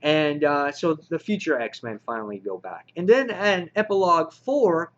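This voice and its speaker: A man's voice: a little high, big pitch swings, moderate pace, fairly bright tone, lo-fi sound. A man reviewing comic books in a casual, rambling way with many fillers, sounding frustrated.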